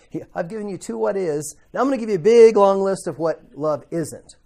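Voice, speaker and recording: A high, creaky male voice moves briskly with lively intonation. He's giving a conversational Bible lesson in a classroom, questioning students and voicing quotes with sudden loud outbursts.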